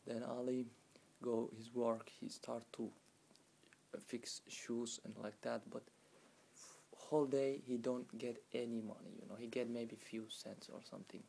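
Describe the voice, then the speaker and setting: A man casually retelling a folk tale in broken, non-native English, halting with restarts and filler phrases. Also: medium pitch, steady tone, gravelly, dark tone, a little hiss or hum. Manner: halting, with many restarts and "you know" fillers. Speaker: storyteller.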